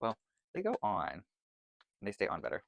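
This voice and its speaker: A man's voice: fairly low pitch, wildly swooping pitch, normal speed, vocal fry, fairly bright tone, a little hiss or hum. A man chatting casually and enthusiastically to camera as he shows off his candles, rambling and gushing about scents. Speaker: vlogger reviewing candles. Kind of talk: casual product chat.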